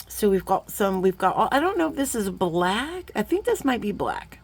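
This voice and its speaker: A woman's voice: mid-range voice, very animated, normal speed, few pauses, husky. Gushing chatty woman with a lilt. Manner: chatty and gushing, talks to viewers as friends; sometimes drops to a playful whisper. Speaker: jewelry-making vlogger. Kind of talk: casual unboxing chat.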